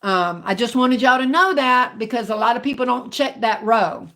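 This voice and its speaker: Southern woman livestreamer with a country twang, higher-pitched, talks to viewers like family. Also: normal speed. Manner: chatty, warm with viewers, calls them baby and honey. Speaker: livestream host. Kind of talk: casual live chat reading viewer comments.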